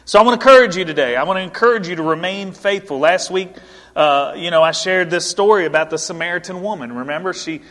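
A male pastor delivers an earnest, emphatic sermon to his congregation in a church sanctuary, his high voice moving at a quick pace with a slightly bright quality. The recording carries a long hall reverb.

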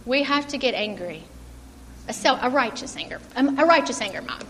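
Speaking quite quickly in a high, animated, slightly bright voice, a middle-aged lay preacher offers an informal sermon in a church hall. She is earnest, pokes fun at herself, and laughs a lot. Long reverb and faint room noise come through.

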